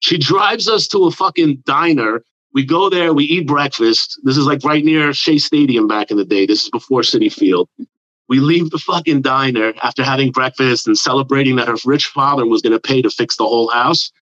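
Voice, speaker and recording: A man's voice: mid-range voice, moderate pace, dry recording. Profane New man telling a story. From New York area. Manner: profane, rambling, animated with put-on quotes. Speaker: comedian guest. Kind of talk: casual storytelling. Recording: dull lo-fi dry sound.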